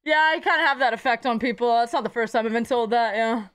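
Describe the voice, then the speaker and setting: Playful high-voiced woman streamer. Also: a bit bright, clean tone. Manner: playful, swearing, quick jumps between topics. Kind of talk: casual live-stream chat, reading chat aloud.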